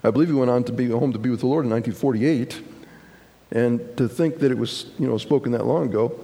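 Male pastor, gravelly and mellow, folksy halting delivery, long hall reverb. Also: mid-range voice. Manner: folksy, halting, with many fillers and restarts. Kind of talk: sermon. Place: church sanctuary.

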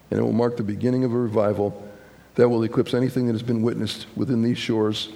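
Male pastor, gravelly and mellow, folksy halting delivery, long hall reverb. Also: mid-range voice, flat delivery. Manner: folksy, halting, with many fillers and restarts. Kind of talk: sermon. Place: church sanctuary.

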